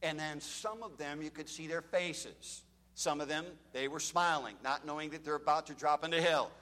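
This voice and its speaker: A man preaches a fire-and-brimstone sermon with a fairly high voice. He tells dramatic stories and shouts out the cries of the people in them. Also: moderate pace, big-room sound. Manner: dramatic storytelling, shouts out quoted screams.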